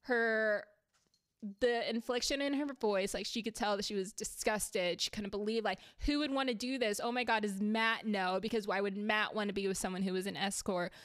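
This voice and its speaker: A chatty woman recaps reality TV in a casual, heated way and swears when something annoys her. Her voice is smooth and clear. The sound is dry and close, with no room around it. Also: medium pitch, fairly even intonation, moderate pace, a bit bright, dry recording.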